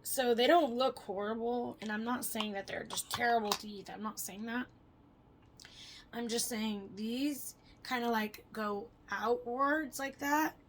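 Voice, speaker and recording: A woman's voice: fairly high pitch, fairly even intonation, unhurried. A young adult woman vlogging casually, rambling with lots of fillers and frequent swearing. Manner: chatty, swears freely, rambling with many fillers. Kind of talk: casual personal vlog.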